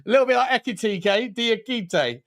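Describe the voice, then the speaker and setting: A man co-hosting a football podcast, talking excitedly in casual slangy chat, rambling and cutting himself off mid-sentence. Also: very high-pitched, normal speed. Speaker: podcast co-host.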